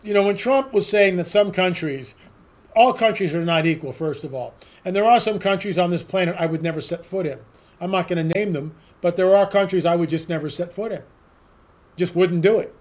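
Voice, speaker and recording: High-voiced man ranting sarcastically. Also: fairly quick, darkish tone. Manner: sarcastic, ranting, full of rhetorical questions. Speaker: commentator. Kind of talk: opinionated monologue.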